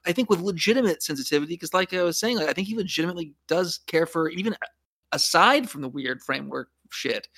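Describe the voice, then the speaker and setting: A man's voice: fairly high pitch, lively intonation, fast, pushed and bright, no room sound, clean studio sound. A man in casual chat about a TV series, rambling with many fillers and casual swearing. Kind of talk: casual chat recapping a TV show.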